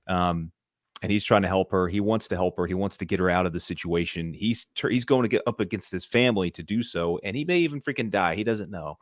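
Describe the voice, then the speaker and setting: Low-voiced man in heated movie debate. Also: fast talker, dry recording, clean studio sound. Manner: animated, rambling, swings loud when heated. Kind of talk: casual live-stream debate.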